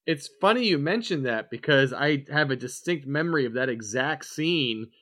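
A man's voice: medium pitch, lively intonation, normal speed, fairly bright tone. A man co-hosting a podcast, chatting casually about a horror movie with easygoing, agreeing replies. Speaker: podcast co-host. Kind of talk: casual movie review chat.

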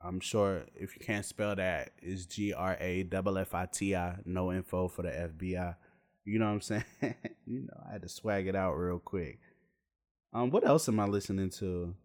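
A man's voice: deep voice, moderate pace. A man in his twenties ranting bluntly and with plenty of swearing, in a casual vlog rant to camera. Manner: blunt, profane, animated storytelling. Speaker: vlogger.

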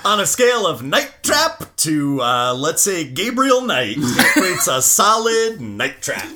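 A man's voice: fairly high pitch, wildly swooping pitch, slow, over music. A man co-hosting a casual movie review podcast, wry and mock-stern, laughing a lot. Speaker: podcast co-host.

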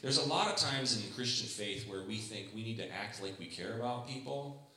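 A man's voice: mid-range voice, expressive, fairly quick, sharp tone. A man preaching a sermon as pastor, conversational and humorous, often acting out the voices he quotes. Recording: echoey room.

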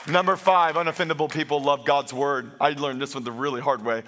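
A pastor with a high voice delivers a church sermon to his congregation. He tells lively stories and pokes fun at himself. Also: a little fast, few pauses. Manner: lively storytelling, jokes at his own expense.

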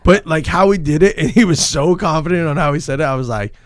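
A man's voice: fairly high pitch, fast. A man in his thirties, a podcast guest, retelling a story in casual chat, laughing often and leaning on filler words.

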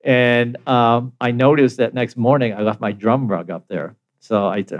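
An older American man, the show's guest, telling a story in casual chat, animated and laughing often as he acts out the voices of others. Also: medium pitch, moderate pace, few pauses.

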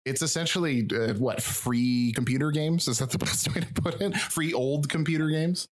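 A man's voice: a little high, normal speed. Wry rural Michigan man hosting a podcast. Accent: rural Michigan, drops final G's and D's. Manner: wry, swearing, self-mocking. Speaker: podcast host and researcher. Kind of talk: casual podcast chat with jokey asides.

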